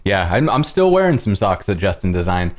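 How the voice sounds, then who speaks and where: A man's voice: low-pitched, sing-song, brisk. A man hosting a live coding stream, joking with his guest and reading out names from the chat. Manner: playful, teasing, reads the chat aloud. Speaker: host.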